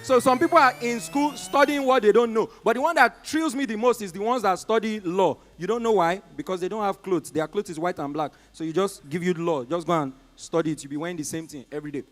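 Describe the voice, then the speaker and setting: A Nigerian man with a Nigerian accent doing live stand-up comedy on stage. He tells his stories in an animated way and keeps talking directly to the crowd. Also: high voice, fast talker, few pauses, long reverb tail.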